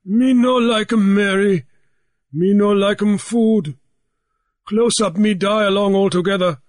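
A man voicing an old, withered island chief who talks in slow, weary, broken pidgin in an audiobook. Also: high voice, fairly even intonation, pitched above the performer's own voice. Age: older. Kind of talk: audiobook character voice.

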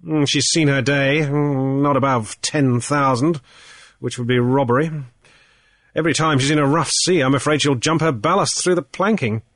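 Male narrator as a gruff poacher captain, blunt, hard-edged, dry close sound. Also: medium pitch, normal speed, a bit bright, dry recording, voice pushed up, lightly acted. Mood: guarded, blunt. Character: hard, dangerous adult male sea captain. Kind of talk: audiobook character voice.

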